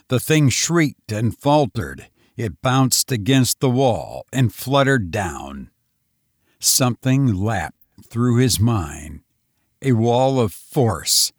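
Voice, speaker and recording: An audiobook reader with a mid-range voice narrates a scripted story in a measured, dramatic manner. The recording is dry, with clean studio sound.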